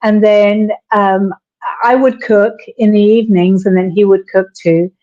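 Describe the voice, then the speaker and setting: Woman reminiscing, mellow dull-sounding line. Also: medium pitch, steady tone, a little slow. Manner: reminiscing, storytelling with quoted lines. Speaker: interview guest, widow. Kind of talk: conversational interview.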